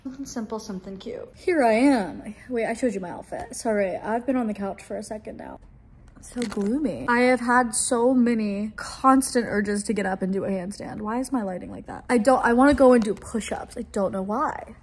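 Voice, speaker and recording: A woman's voice: on the high side, a little fast. Chatty young woman vlogging at home. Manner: rambling and chatty, filler-heavy. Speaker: lifestyle vlogger. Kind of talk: casual vlog chat to camera. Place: at home, indoors.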